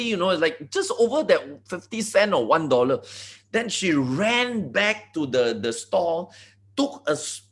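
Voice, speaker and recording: A man from Malaysia with a Malaysian English accent, giving an excited motivational talk full of asides and repeated words. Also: a little high, a little slow. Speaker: network marketing leader. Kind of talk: motivational talk on a video call.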